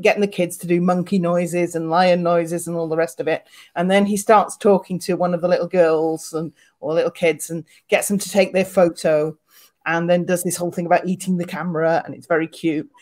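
A woman's voice: on the low side, a little mellow. A woman co-hosting a casual group chat, telling a story with enthusiasm. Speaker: podcast co-host.

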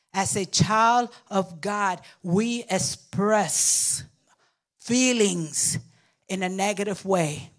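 An older woman preaches a sermon as a pastor, engaging her congregation in emphatic call-and-response. Sometimes she slips into a squeaky voice to imitate babbling toddlers.

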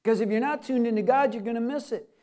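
A man with a high voice preaches a lively sermon. He plays out people's inner thoughts in quick asides. His talk is pastoral and animated.

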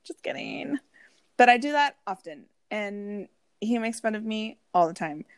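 A woman in her thirties chatting casually as a podcast co-host, telling animated stories and acting out what people said. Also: medium pitch, normal speed, smooth, no echo. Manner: chatty, animated storytelling with acted-out quotes and swearing. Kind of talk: casual chat.

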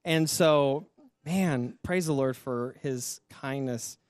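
A man's voice: mid-range voice, takes it slowly, no room sound, studio quality. Candid, self-mocking male pastor. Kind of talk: testimony sermon.

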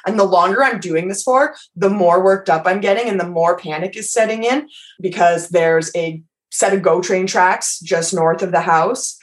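A woman's voice: lowish voice, normal speed. A woman telling a story in casual podcast chat. She swears freely, mocks herself and laughs through it.

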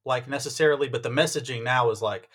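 Bright-voiced rambling man chatting sports. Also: medium pitch, fast talker, husky. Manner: rambling, tangent-prone, acts out quotes. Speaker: podcast co-host. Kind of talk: casual sports chat.

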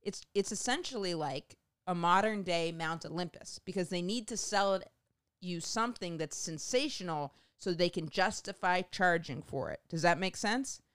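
Low-voiced, rambling woman telling a story. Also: moderate pace, smooth, dry recording, studio quality. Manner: rambling, animated, profane, tangent-prone. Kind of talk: casual storytelling monologue.

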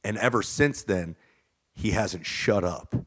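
A man talking as a podcast guest, emphatic and profane, swinging between loud outbursts and low mutters. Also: animated, takes it slowly. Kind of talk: casual podcast chat.

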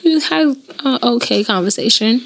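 Animated, swearing woman telling a story. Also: fairly high pitch, normal speed, creaky. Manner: animated, profane storytelling that acts out both sides of a dialogue. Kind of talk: casual podcast chat.

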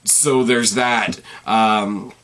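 A man's voice: lowish voice, steady tone, very slow, fairly bright tone. A man from Canada giving a casual solo recap of a wrestling show, sarcastic and profane, with dry throwaway asides.

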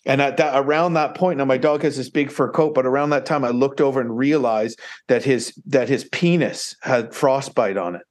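A man's voice: medium pitch, normal speed. A man, a podcast guest, tells a story casually in a rambling way and often restarts his sentences. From Canada. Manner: rambling, many fillers and restarts, animated retelling.

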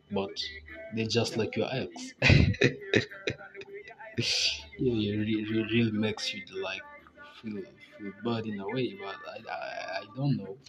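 A young man hosting a casual podcast, talking in a laid-back, rambling way with frequent laughs. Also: fairly low pitch. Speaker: podcast host.

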